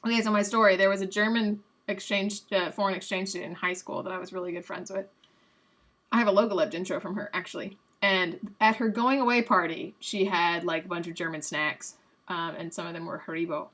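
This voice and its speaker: A young adult woman hosting a live stream, chatting casually and guessing out loud while she plays a quiz game, a little self-mocking. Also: on the low side, steady tone, fairly quick.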